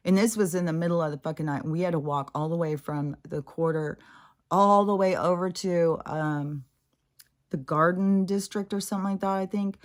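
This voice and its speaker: A woman telling a personal story in a casual, candid way, exasperated and freely swearing. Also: on the low side. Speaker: spiritual vlogger.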